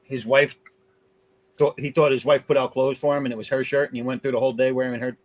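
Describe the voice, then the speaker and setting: Man on a stream panel, middle pitch, stop-start recollections. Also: level tone, dry recording, poor audio. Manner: halting, repeats words as he recalls. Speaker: panelist on a livestream. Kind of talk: casual chat.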